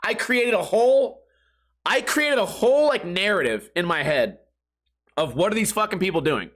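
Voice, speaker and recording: A man's voice: high voice, lively intonation, normal speed, fairly bright tone. A man hosting a podcast, telling a crude, rambling comedic story and laughing at his own jokes. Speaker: podcast host. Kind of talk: casual comedic monologue.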